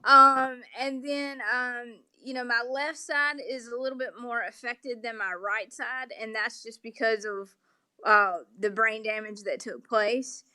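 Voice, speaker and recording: A woman's voice: a little high, steady tone, measured pace, sharp tone, smooth. A woman with a Southern accent, a polite guest explaining things patiently with frequent "um" fillers. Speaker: interview guest. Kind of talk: remote interview conversation.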